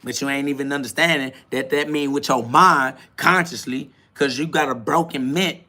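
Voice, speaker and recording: A man's voice: medium pitch, steady tone, normal speed, bright, forceful tone. A man hosting a spiritual self-talk podcast, preaching in a profane, mocking street style. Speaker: podcast host. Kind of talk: motivational spiritual monologue.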